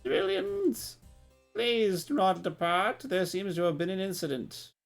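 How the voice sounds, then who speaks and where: A man voicing a fussy, pompous male officer, using a high prissy voice. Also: animated, a little slow, creaky, soft background music, exaggerated voice.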